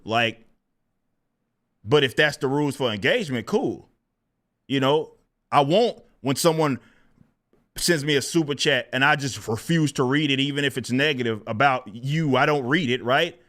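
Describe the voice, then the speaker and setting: A man hosting a livestream, talking in a casual, animated rant. He sounds incredulous, laughs often, swears freely, and swings between loud exclamations and low muttering. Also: normal speed. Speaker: livestream host.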